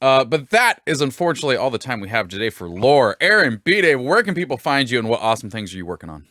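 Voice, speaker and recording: A man's voice: medium pitch, very animated, quick pace, bright, forceful tone, no echo, clean studio sound. A man hosting a live chat show, upbeat and reading viewer comments aloud. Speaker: host.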